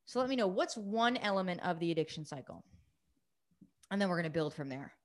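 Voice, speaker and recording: A woman recovery coach hosting a live coaching session, talking quickly and eagerly, greeting viewers by name. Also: on the low side. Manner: fast, excited, energetic delivery.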